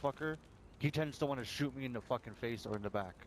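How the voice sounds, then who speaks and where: A man's voice: mid-range voice, racing, slight background noise. A man in roleplay chat inside a survival game, telling a heated story with lots of swearing and acted-out quotes.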